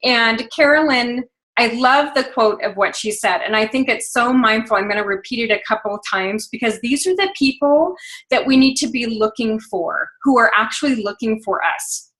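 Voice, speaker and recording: A woman's voice: fairly high pitch, lively intonation, moderate pace, fairly bright tone, rough recording. A woman leading a motivational team conference call, upbeat and gushing, with many fillers. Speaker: team leader on a sales call. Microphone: phone.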